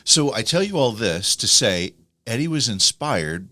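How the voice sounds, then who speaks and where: A man co-hosting a podcast, telling music history stories in a casual, animated way and acting out quoted people. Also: mid-range voice, measured pace, no echo. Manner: animated storyteller, acts out quoted voices. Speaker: podcast co-host. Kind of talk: casual storytelling chat.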